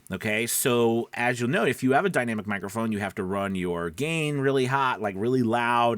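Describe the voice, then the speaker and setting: A man teaching voice actors about microphones in a casual tutorial, animated and rambling, with many fillers and restarts, speaking close into a broadcast mic. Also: on the low side, no room sound. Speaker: voice actor coach. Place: small home room, door open. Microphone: dynamic broadcast mic, close up.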